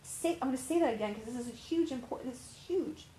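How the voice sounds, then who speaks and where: A woman's voice: high voice, expressive, fast talker, dark tone, roomy sound, a little hiss or hum, low-quality recording. A woman life coach giving casual, candid advice, rambling and swearing freely with lots of fillers. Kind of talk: casual talking-to-camera advice.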